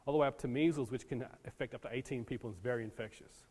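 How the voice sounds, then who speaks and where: A man from the United States lectures a room, chatty and loose, dropping plenty of ums between points. His voice sits at an ordinary pitch. The sound carries a long reverb from a large hall. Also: racing, darkish tone, slightly rough. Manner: casual, talks to audience, many ums. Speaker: disaster preparedness presenter. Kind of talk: classroom lecture.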